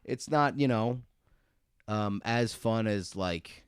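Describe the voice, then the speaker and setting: A man's voice: on the low side, slow pace, clear, resonant tone, no room sound, studio quality. A young man co-hosting a comedy podcast, talking in a playful, rambling way that often trails off mid-thought. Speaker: podcast co-host. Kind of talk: casual comedic chat.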